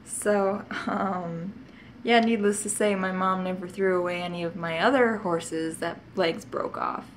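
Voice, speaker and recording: A woman's voice: lowish voice, fairly even intonation, measured pace, slight background noise. A woman vlogger telling childhood stories in a casual, rambling way, often laughing and adding asides. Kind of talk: casual storytelling to camera.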